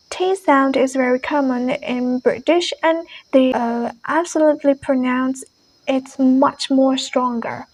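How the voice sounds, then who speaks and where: A woman teaching pronunciation in an unhurried, deliberate way, saying each example word twice. Her voice sits high and carries a soft breathiness. She speaks slowly, with long pauses between points. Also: rough recording. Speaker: English teacher. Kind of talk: explaining pronunciation lesson.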